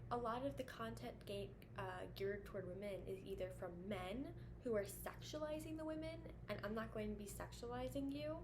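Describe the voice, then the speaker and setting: Young woman vlogger, higher voice, blunt and foul-mouthed, ranting to camera with a steady home hum behind. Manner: blunt, swears a lot, chatty with many fillers. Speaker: vlogger giving dating advice to women. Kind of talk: casual to-camera rant. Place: indoors at home with air conditioner running. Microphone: camera facing her. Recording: audible background hum at home.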